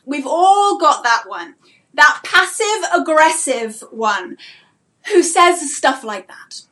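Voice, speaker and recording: A woman's voice: sits high, sing-song, takes it slowly, sharp tone. A woman mentoring homeschooling parents in a live-streamed talk. She speaks earnestly and asks many rhetorical questions.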